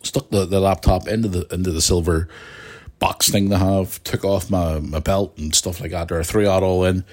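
A young podcast host tells a long, rambling story in a casual monologue, restarting often and throwing in asides to his listeners. His voice sits low, with fairly even intonation and a moderate pace.

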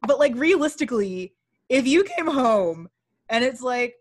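Her voice sits high and her pace is measured as this young woman co-hosts a laid-back book podcast. She curses freely, stays animated, and voices the characters when quoting them.

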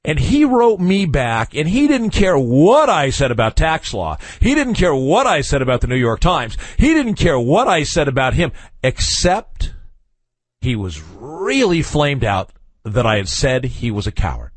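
A male radio talk show host with a mid-range voice that swings widely in pitch. He talks in a casual, wry and opinionated way, dropping in chuckles and asides. The studio sound is dry and close. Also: sing-song, measured pace, dry recording.

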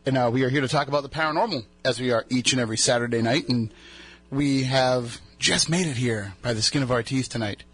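Here a man hosts a radio show, his medium-pitched voice fast, a bit bright and slightly rough. Still recovering from losing his voice, he rambles chattily through stories in casual banter.

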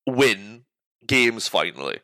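A man's voice: fairly low pitch, big pitch swings, takes it slowly, sharp tone, no room sound, poor audio. A man hosting a podcast, recapping a film in casual chat, rambling with restarts, swearing and acting out scenes. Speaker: podcast host.

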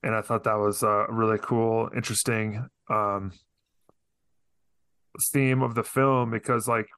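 A man with a smooth, resonant voice talks as a podcast guest in a dry, close-sounding recording. He speaks thoughtfully and hesitantly, working his ideas out as he goes. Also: lowish voice, little pitch movement, unhurried, a bit bright, dry recording. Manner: thoughtful, hesitant with many restarts. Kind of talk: casual film discussion.

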